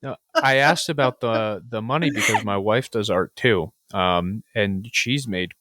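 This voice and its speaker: A man hosting a podcast, asking blunt questions in a relaxed, casual way. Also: fairly low pitch, unhurried, no echo, studio quality. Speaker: podcast host. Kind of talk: casual chat.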